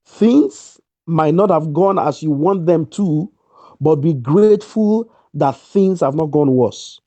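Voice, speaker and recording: A man's voice: a little high, takes it slowly, mellow, no room sound, dull audio. A man giving an emphatic motivational talk, repeating his key lines over a video call. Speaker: guest speaker.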